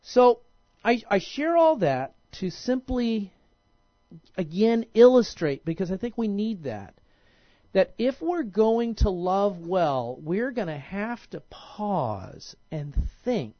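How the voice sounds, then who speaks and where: A man's voice: high-pitched, very animated, slow, no echo. A male pastor preaching in a casual, conversational way, often stopping and restarting his sentences. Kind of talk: sermon. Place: church. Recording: dull lo-fi recording.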